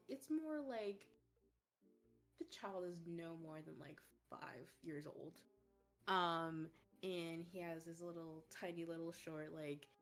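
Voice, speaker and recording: A woman narrating as game master in a tabletop game, rambling with lots of fillers. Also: fairly low pitch.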